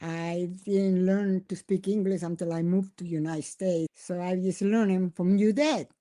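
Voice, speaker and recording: A woman's voice: fairly low pitch, fairly even intonation, unhurried, warm tone. An older woman from Mexico with a Mexican accent and Spanish as her first language, telling stories in simple English on a casual podcast and laughing often. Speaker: guest.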